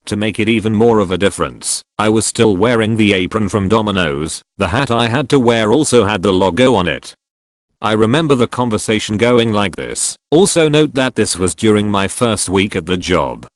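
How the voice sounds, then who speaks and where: A man's synthetic voice reading online stories aloud as a steady scripted narration. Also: on the low side, normal speed, dry recording, studio quality.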